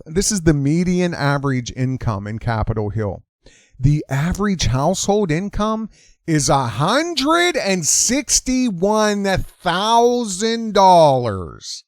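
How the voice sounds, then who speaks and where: A male host rants through political commentary with heated indignation. His fairly high voice leaps up and down with emphasis, and the close mic is dry with no room sound. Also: no room sound.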